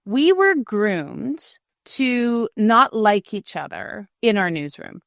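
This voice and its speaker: A woman's voice: medium pitch, very animated, takes it slowly, creaky, fairly bright tone, dry recording, studio quality. A middle-aged woman, a former news anchor, talking frankly and reflectively as an interview guest, often restarting her sentences. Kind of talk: candid interview conversation.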